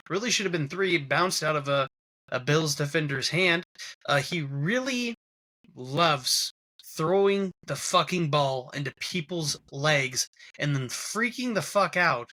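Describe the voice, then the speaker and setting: A man's voice: on the high side, bright, forceful tone. A man with a New York accent hosting a casual sports podcast, ranting with heavy profanity. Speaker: podcast host.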